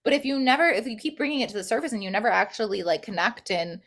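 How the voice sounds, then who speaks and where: A woman's voice: medium pitch, quick pace, fairly bright tone. A woman talking earnestly in a casual spiritual podcast chat, flowing speech full of "like".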